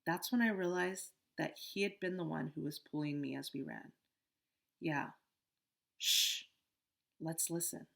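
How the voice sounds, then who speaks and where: Woman, audiobook narration, steady storytelling, low voice, gravelly fry. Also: a little fast, few pauses. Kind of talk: scripted first-person narration.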